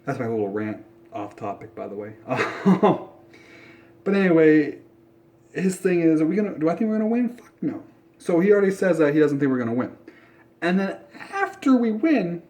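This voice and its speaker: A young man ranting bluntly about football in a casual vlog, swearing often and jumping between mutters and loud outbursts. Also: fairly high pitch, normal speed. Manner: blunt, profane, animated ranting. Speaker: sports fan vlogger.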